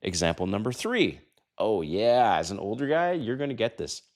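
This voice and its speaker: A man in his fifties hosting a dating advice talk, brash and emphatic, who swears and acts out quoted lines in a higher voice. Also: sing-song, moderate pace, darkish tone. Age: 50s. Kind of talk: casual talking-head advice monologue.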